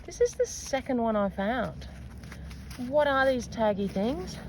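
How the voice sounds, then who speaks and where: A woman giving chatty, excitable commentary to viewers while metal detecting outdoors in a park. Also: fairly high pitch, measured pace, low-quality recording. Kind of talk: casual commentary to camera. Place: outdoors in a park under trees. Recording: outdoor recording with clear wind and ambient noise.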